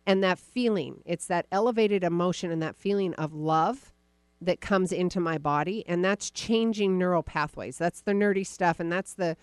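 A woman podcast host coaching a caller live, encouraging and animated, acting out the caller's inner voice. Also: on the low side, normal speed, clear, resonant tone, dry recording.

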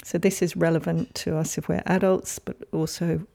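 A woman hosting a solo podcast, speaking in a gentle, caring and reflective way. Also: fairly low pitch, flat delivery, moderate pace, vocal fry. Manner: gentle, soft-spoken, caring. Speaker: podcast host.

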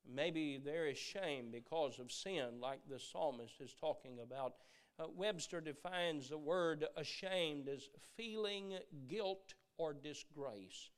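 A middle-aged man preaching a sermon, earnest, repeating words as he goes and dropping from loud emphasis to a hush. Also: fairly high pitch, slow, smooth.

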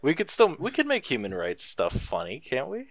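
A man's voice: fairly high pitch, huge pitch swings, normal speed, no echo. A young man co-hosting a casual podcast chat, talking loosely, swearing and laughing often. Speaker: podcast co-host.

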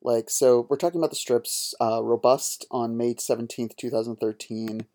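A man's voice: mid-range voice, fairly even intonation, normal speed, a little mellow. A man co-hosting a podcast, ranting in a heated, profane, casual way. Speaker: podcast co-host.

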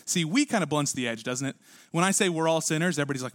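A man preaching a sermon as pastor, swinging from punchy lines to hushed asides and acting out voices. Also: fairly high pitch, rapid-fire, no echo, studio quality. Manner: animated preaching with sudden drops to quiet and acted-out voices.

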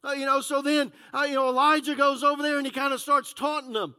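A man's voice: very high-pitched, steady tone, fast, sharp tone. A man preaching a conversational sermon as pastor, full of "uh, you know" fillers.

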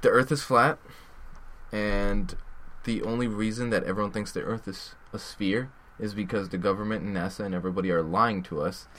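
A man's voice: on the low side, fairly even intonation, moderate pace, a bit bright. A young man hosting a podcast in casual chat, crude and rambling, arguing for the sake of it. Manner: crude, rambling, argues devil's advocate. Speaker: podcast host.

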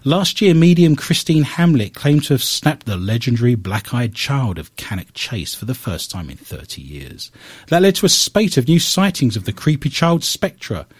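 A man's voice: mid-range voice, normal speed, slightly rough. A man hosting a radio talk show, telling stories and reading the news with wry asides. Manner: animated storyteller with wry asides.

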